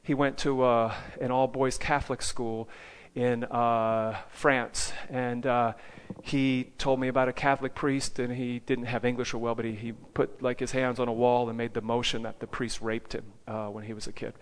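Guy preaching, storytelling sermon, keeps going "okay?", mid pitch voice. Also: level tone, moderate pace. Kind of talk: sermon with personal stories.

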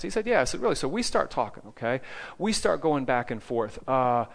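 A man preaching a sermon, telling personal stories in a lively way and often checking in with the listeners by asking "okay?". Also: mid-range voice, fairly quick, creaky. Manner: animated storytelling, keeps asking "okay?".

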